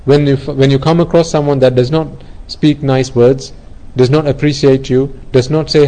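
A man's voice: fairly high pitch, steady tone, moderate pace, warm tone, low-quality recording. A man giving an earnest Buddhist dharma talk, explaining ideas through everyday examples and often repeating himself. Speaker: Buddhist teacher.

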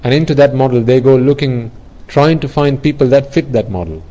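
A man's voice: medium pitch, a little fast, mellow, low-quality recording. A man giving an earnest Buddhist dharma talk, explaining ideas through everyday examples and often repeating himself. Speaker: Buddhist teacher.

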